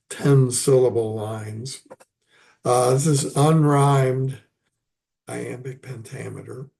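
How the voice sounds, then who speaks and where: A man giving an unscripted poetry lecture, halting and full of ums and restarts. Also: mid-range voice, gravelly, a little mellow. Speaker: poetry teacher.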